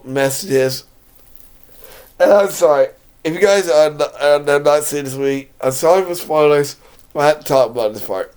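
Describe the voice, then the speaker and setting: Enthusiastic man, slow, clear voice. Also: fairly high pitch. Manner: enthusiastic, rambling, laughs often. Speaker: video blogger reviewing a movie. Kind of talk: casual movie discussion.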